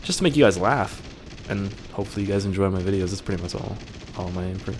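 A man's voice: low-pitched, fast, background noise. A young man reading viewer questions aloud and answering them in a casual, joking way, swearing now and then.

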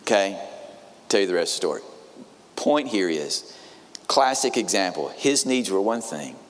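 A male pastor preaching a sermon in a storytelling way, with frequent restarts, animated when he quotes others. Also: low-pitched, moderate pace. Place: church sanctuary. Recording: long reverb of a large hall.

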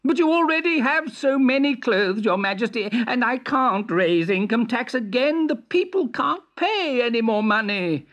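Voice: mid-range voice, lively intonation, normal speed, hardly any pauses, a bit bright, muffled recording, voice pushed up, lightly acted. A storyteller voicing an anxious chancellor who pleads with the emperor in a storybook reading. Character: worried royal chancellor, man.

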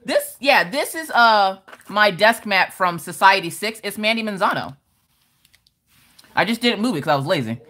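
A bawdy, jokey woman chats through a late-night crafting livestream from her desk at home. Her voice has a bright, forward tone that leaps up and down in pitch. She reads viewer comments aloud and laughs easily between them. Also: very animated, moderate pace. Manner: loud, bawdy and joking, laughs often. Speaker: livestream host. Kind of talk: casual livestream chat, reading out viewer comments.

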